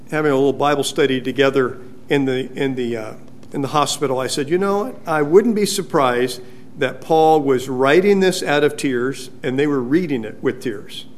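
A male pastor preaching a sermon in a church, conversational and halting, with frequent restarts. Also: medium pitch. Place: church sanctuary.

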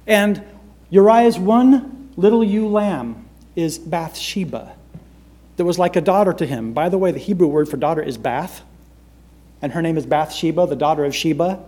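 A male preacher giving a sermon, swinging between loud emphatic lines and hushed, quiet ones. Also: on the high side, moderate pace.

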